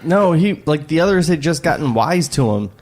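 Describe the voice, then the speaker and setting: A man's voice: on the high side, animated, normal speed, darkish tone. A man co-hosting a casual table read, reading out stage directions and joking between lines. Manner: reads stage directions, laughs often. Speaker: co-host reading a script.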